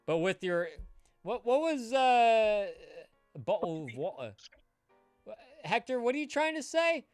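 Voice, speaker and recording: A man's voice: extremely high pitch, big pitch swings, measured pace, clean tone, dry recording, faint music behind. A man co-hosting a live stream, joking around, laughing often and swearing casually. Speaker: co-host.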